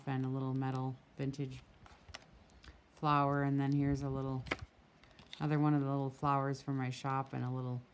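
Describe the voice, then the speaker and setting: A woman's voice: a bass voice, slight background noise. A woman who runs a craft shop, casually chatting as she flips through a handmade journal, gushing and full of small asides, recorded outdoors in a breeze on a camera mic.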